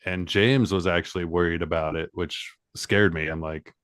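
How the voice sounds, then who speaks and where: Brief: deep-voiced comedy writer, lively anecdotes, casual podcast. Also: male voice, moderate pace, smooth, no room sound, studio quality. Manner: animated storyteller, laughs a lot.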